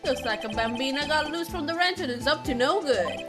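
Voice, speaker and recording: Woman doing a cowboy detective, drawling, folksy, high-pitched, game music. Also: lively intonation, fairly quick. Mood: swaggering. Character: swaggering male cowboy detective.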